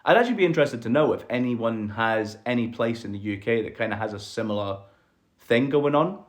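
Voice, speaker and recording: A man's voice: medium pitch, animated, brisk. A young man from Corby in England with a hybrid Scottish-English Corby accent, talking casually to camera in a chatty, reflective way. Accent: Corby, Scottish-tinged English. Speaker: vlogger.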